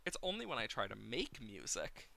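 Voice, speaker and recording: A man live-streaming a farming game, rambling playfully and getting excited. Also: mid-range voice, normal speed, creaky.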